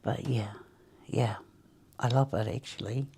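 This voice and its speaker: Low-voiced chatty woman from New Zealand. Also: fairly even intonation, a little slow, gravelly, warm tone, slightly rough. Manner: chatty, laughs often, acts out quotes in high voices. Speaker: interviewee, former smoker. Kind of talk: casual storytelling interview.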